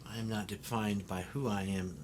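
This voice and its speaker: A middle-aged man hosting a casual interview, talking in a blunt, animated way with lots of swearing and laughter. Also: fairly low pitch, moderate pace, background noise. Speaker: host.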